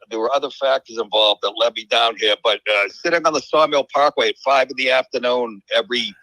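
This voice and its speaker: A man calling in to a show, gruff, complaining and profane. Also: medium pitch, pushed and bright, no echo, poor audio. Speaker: caller. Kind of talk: casual phone chat.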